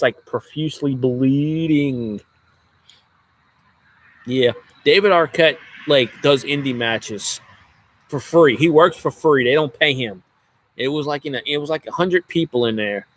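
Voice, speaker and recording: A man's voice: medium pitch, unhurried. A man who vlogs as a sports fan, ranting in a casual, rambling way with a lot of swearing and jokes. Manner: profane, joking, rambling.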